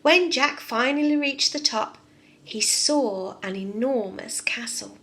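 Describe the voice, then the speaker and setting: Nursery teacher, woman, expressive storybook reading for small children, slow and fairly high. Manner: expressive, asks the children questions. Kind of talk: storybook read-aloud and lesson for young children.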